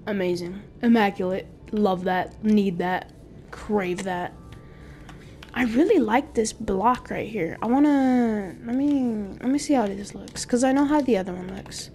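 A woman's voice: mid-range voice, measured pace, warm tone, a little hiss or hum. A young woman chatting casually while playing a game with a friend, playful and teasing, laughing often. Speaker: gamer. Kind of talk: casual gameplay chat.

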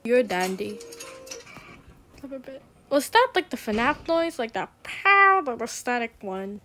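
A young woman giving casual, excitable commentary while she plays a game, swearing and sometimes dropping into whispers. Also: a little high, measured pace, poor audio. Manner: excitable, swears, drops into whispers when scared. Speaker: gamer.

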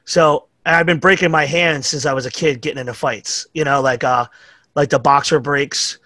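A man's voice: a little high, fairly even intonation, normal speed, sharp tone, dry recording. A middle-aged man with a New York accent, telling rambling, profane stories as a podcast guest. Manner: profane, rambling anecdotes with acted-out quotes. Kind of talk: casual storytelling chat.

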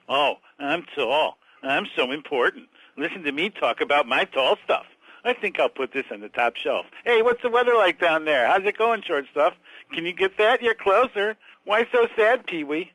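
A man's voice: sits high, pushed and bright, no echo, heavily acted, low-quality recording. An actor playing a touchy short man who calls in to complain and mocks tall people. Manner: aggrieved, mocking, sarcastic. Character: touchy short man caller with a chip on his shoulder.

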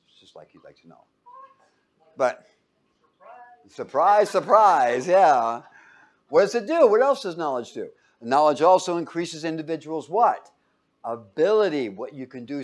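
An animated male teacher lecturing a live class, his pitch swinging widely as he talks. He keeps tossing fill-in-the-blank questions at the room and acts out quotes in playful voices. His voice sits at an ordinary middle pitch.

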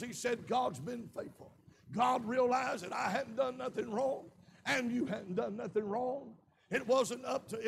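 A man with a Southern American accent preaching a sermon in a church, with shouted peaks and frequent amens. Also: very high-pitched, vocal fry, a little hiss or hum. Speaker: pastor. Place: church sanctuary.

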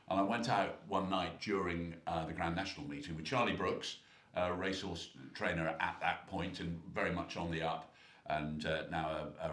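A low-voiced man co-hosts a casual podcast, spinning long rambling stories and chuckling along the way. His voice bounces around a roomy space. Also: a bit bright. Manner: rambling anecdotal storyteller, chuckling. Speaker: podcast co-host. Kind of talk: casual chat. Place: at a racecourse. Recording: roomy echo.

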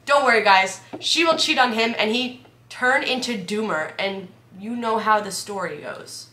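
A woman's voice: mid-range voice, moderate pace, pushed and bright. A young woman co-hosting a couple's channel, chatting playfully and giggling as she reads comments aloud. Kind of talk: casual chat, reading comments aloud. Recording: echoey room.

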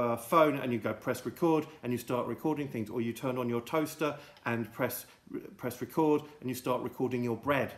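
A man hosting an absurd mock lesson for kids, rambling in a silly, deadpan way with big swings in his voice. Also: mid-range voice. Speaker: comedy presenter of a children's show. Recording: roomy echo.

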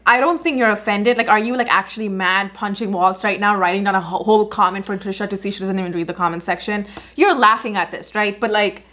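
A young woman in her twenties talks straight to camera in a loose reaction vlog. She rambles and swears casually, with "like" in almost every sentence, at an ordinary middle pitch. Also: a bit bright. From India. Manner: chatty, swearing, lots of "like" fillers. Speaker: YouTuber reacting to videos.

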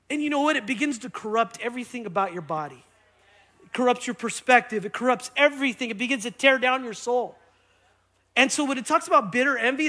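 A man preaching a sermon in church, energetic and conversational, often checking in with the congregation. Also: extremely high pitch. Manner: energetic, conversational, keeps asking "right?". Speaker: pastor. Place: church sanctuary.

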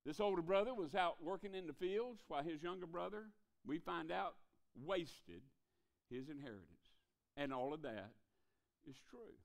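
A man preaching a revival sermon in a church, folksy, calling for amens and dropping to a hush to stress a point. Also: fairly high pitch, animated, normal speed, vocal fry. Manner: folksy, calls for amens, drops to a hush for emphasis.

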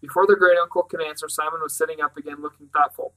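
A man reading a novel aloud, narrating plainly and shifting lightly into character voices. His voice is bright and fairly high for a man. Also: steady tone, fast, hardly any pauses, rough recording. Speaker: reader.

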